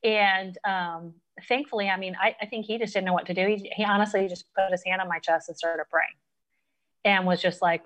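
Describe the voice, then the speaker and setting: A woman hosting a live online chat, talking in an earnest, halting way with many fillers. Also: medium pitch, steady tone. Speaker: host. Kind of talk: casual live-stream chat.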